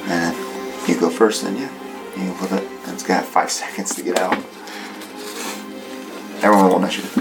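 A man's voice: low-pitched, steady tone, a little fast, creaky, long pauses, poor audio. A man narrating as game master in a casual tabletop game. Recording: music playing behind.

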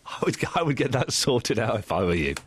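A man hosting a radio phone-in, teasing callers, cutting in and firing quick questions. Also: medium pitch, sing-song, husky.

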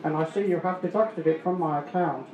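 A man's voice: a little high, fairly quick, a little hiss or hum, lightly acted. A man putting on a fussy, complaining customer with a nasal voice, recorded in a roomy, dull-sounding space.

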